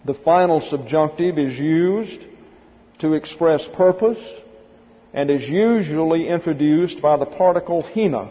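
A man with a slightly raised pitch lectures methodically, taking his time and spelling out terms letter by letter. The recording is dull and lo-fi, and his voice rings with a long hall reverb. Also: a little slow. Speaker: Bible teacher. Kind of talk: classroom lecture on Greek grammar.

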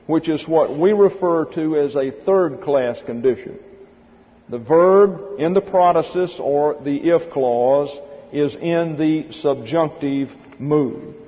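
A man with a slightly raised pitch lectures methodically, taking his time and spelling out terms letter by letter. The recording is dull and lo-fi, and his voice rings with a long hall reverb. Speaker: Bible teacher. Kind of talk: classroom lecture on Greek grammar.

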